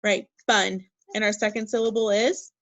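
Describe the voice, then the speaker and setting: A woman teaching a second grade phonics lesson, speaking slowly and encouragingly and spelling words out letter by letter. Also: mid-range voice, flat delivery, no echo, poor audio. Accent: Minnesota. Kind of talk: recorded remote phonics lesson.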